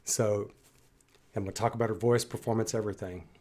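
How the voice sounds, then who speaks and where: Man, husky voice, music reaction host, eager and admiring, rambling commentary. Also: lowish voice, fairly even intonation, fairly quick, a little mellow. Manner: enthusiastic, admiring, rambling with restarts.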